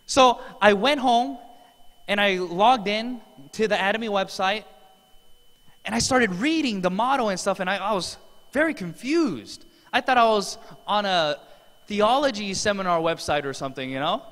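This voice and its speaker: A man's voice: sits high, animated, normal speed, fairly bright tone. A man giving an earnest, emotional motivational testimonial as a seminar speaker in a large event hall. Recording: long hall reverb.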